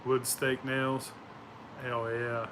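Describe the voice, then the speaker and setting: A man's voice: medium pitch, completely flat delivery, drawn-out words, background noise. A man chatting casually outdoors at home, telling rambling, profane stories and laughing often. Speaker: vlogger. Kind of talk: casual chat.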